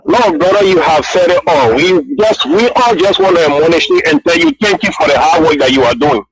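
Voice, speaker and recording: A man's voice: a little high, big pitch swings, fairly quick, a loud crowd, poor audio. A man with a Liberian English accent calling in to a radio show, speaking in an emphatic, preachy way. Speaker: caller. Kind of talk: call-in radio talk.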